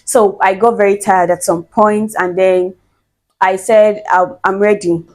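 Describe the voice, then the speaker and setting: Young woman vlogger, lively storyteller who acts out every quote. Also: mid-range voice, a little slow. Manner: animated, laughs often, acts out quotes. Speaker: vlogger telling her birth story. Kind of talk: casual storytelling to camera.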